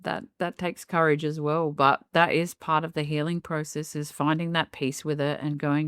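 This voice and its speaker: A woman's voice: low voice, little pitch movement, normal speed, hardly any pauses, a bit bright, clean tone, no echo, studio quality. Middle-aged woman, candid and reflective. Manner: reflective and open, with frequent "um" and "you know". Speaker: guest. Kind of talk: candid personal storytelling in a podcast interview.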